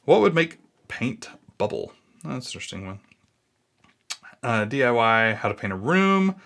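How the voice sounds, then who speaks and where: A man's voice: medium pitch, big pitch swings, normal speed, creaky, a bit bright. A man in his thirties thinking aloud in a casual, easily sidetracked way as he walks through a screen recording. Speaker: blogging YouTuber.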